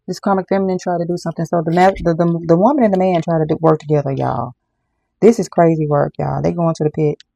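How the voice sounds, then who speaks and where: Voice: medium pitch, steady tone, fast, vocal fry, mellow, no room sound. A tarot reader giving a casual card reading to viewers, emphatic and repetitive, often calling the audience y'all.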